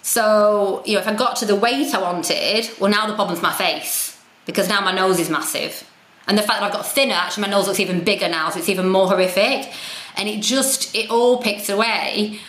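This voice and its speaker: A woman's voice: mid-range voice, brisk, a bit bright. A woman, a podcast guest, telling her story candidly, frank and self-deprecating with plenty of swearing. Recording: roomy echo.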